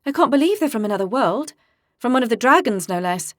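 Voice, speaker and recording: A woman voicing a sharp-tongued young redheaded woman fighter who answers with sarcastic, quick retorts. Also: a little high, lively intonation, no room sound, studio quality, voice pushed up, lightly acted.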